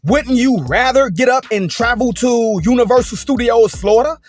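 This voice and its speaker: A man with a high voice tells a story from his own life and lectures in a conversational, emphatic way, repeating points and checking in with "right?" and "okay?". Faint music runs beneath his talking. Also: moderate pace. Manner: emphatic, repetitive, conversational with frequent "et cetera" and "okay?". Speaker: commentator. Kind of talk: casual storytelling rant.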